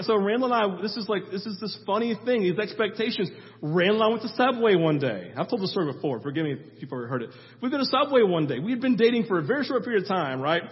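A male pastor preaching a conversational sermon, telling stories with frequent asides to the congregation. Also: very high-pitched. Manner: storytelling, conversational with audience asides. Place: church sanctuary. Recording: muffled sound with long church reverb.

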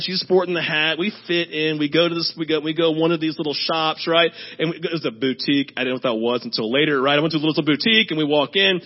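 Husky high-voiced pastor preaching. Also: male voice. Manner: storytelling, chatty, keeps asking "right?". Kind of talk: conversational sermon. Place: church service. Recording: dull lo-fi sermon audio.

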